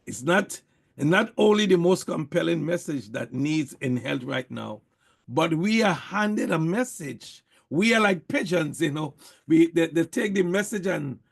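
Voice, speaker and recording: A man's voice: fairly high pitch, vocal fry. A man giving a motivational network marketing talk, preachy and emphatic, repeating his points over and over.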